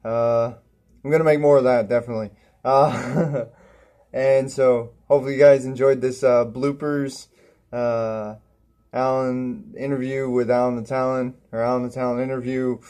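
A man's voice: medium pitch, level tone, normal speed, dark tone. A man hosting his own goofy video, giggling and tripping over his words as he corrects himself. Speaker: vlogger. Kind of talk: goofy self-made comedy video.

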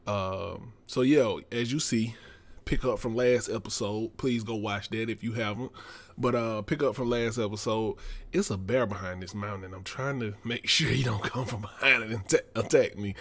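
A man's voice: lowish voice, normal speed. A man with a Southern US accent, chatting casually and drawling while playing a survival game on his channel. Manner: laid-back, chatty, drawling. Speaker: let's play gamer. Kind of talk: casual gaming commentary.

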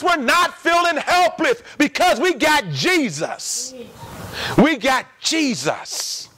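A man's voice: very high voice, very animated, takes it slowly, pushed and bright. A man preaching a sermon to a church congregation, emphatic and repeating his lines, asking the people questions.

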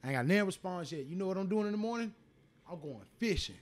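A man co-hosting a podcast, bantering crudely and loudly, repeating lines for emphasis. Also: sits high, lively intonation, fast talker. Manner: loud, boastful, repeats himself for emphasis. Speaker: podcast co-host.

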